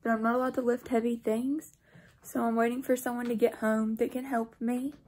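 A woman's voice: fairly high pitch, flat delivery, brisk, a little mellow, a little hiss or hum. A sleep-deprived teenage woman, vlogging casually at home in a chatty, rambling way with apologetic asides. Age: teens. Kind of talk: casual vlog talk to camera.

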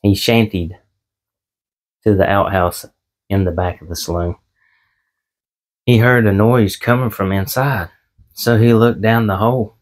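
A man's voice: fairly low pitch, steady tone, a little slow, long pauses. A man vlogging from his small home office, chatting casually and telling corny jokes in a folksy, self-deprecating way. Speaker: eBay reseller and vlogger.

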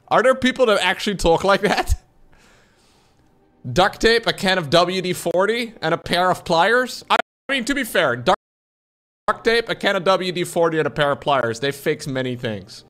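Wry joking male streamer, lively pitch. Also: normal speed. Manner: joking, swearing, wry asides. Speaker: Twitch streamer. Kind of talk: casual reaction commentary on stream.

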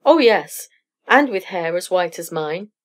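A woman's voice: fairly low pitch, lively intonation, measured pace. A woman voicing a grave, courteous old male knight hosting a guest in a read-aloud story.

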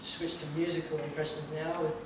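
During a live stand-up impressions show in a community hall, a male performer talks casually between bits, confessing he's unprepared. He speaks a little fast in a fairly high voice with little pitch movement, recorded distantly in a noisy, echoing room.

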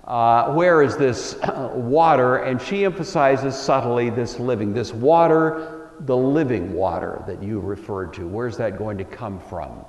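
A man lectures on scripture in an easy, reflective tone, often pausing on an "uh" as he thinks his way through the passage. His medium-pitched voice carries around a roomy hall, and a long echo trails behind each phrase. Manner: conversational, thoughtful, many uh fillers. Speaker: Bible lecturer. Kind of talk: Bible lecture.

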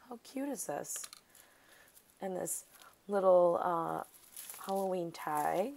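A woman vlogger casually chatting as she unboxes craft mail at her desk, gushing and excitable, thanking over and over. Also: lowish voice, slow, gravelly, poor audio.

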